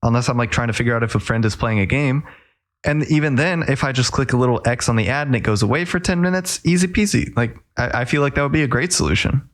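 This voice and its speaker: A man co-hosting a casual gaming podcast, explaining his ideas in an animated, lively way with some casual swearing. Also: medium pitch, quick pace. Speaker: podcast co-host. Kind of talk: casual chat.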